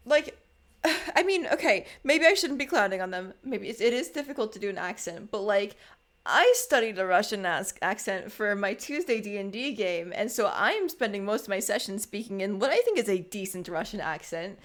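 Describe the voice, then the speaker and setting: Expressive laughing woman streamer. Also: a little high, brisk. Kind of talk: let's play commentary.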